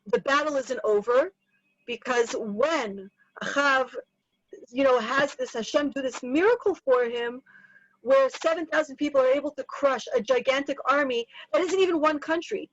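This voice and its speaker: A woman with a bright, high voice gives a casual Bible lesson, chatty and animated, dropping in Hebrew terms as she goes. The sound is dull and lo-fi, and the room is dead dry. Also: dry recording. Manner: lively, chatty, quick asides with Hebrew terms. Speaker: Bible teacher.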